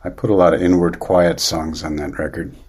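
A man in his fifties, a singer-songwriter guest, talking in a relaxed, quick way in an interview. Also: sits low, slightly rough. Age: 50s. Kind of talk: casual interview.

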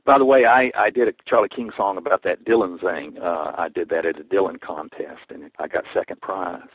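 A man from the American South, a guest on a talk show, telling rambling, animated personal stories. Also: sits low, fairly quick, husky, dry recording, rough recording. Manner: rambling, animated storytelling with laughs. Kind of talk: storytelling in conversation.

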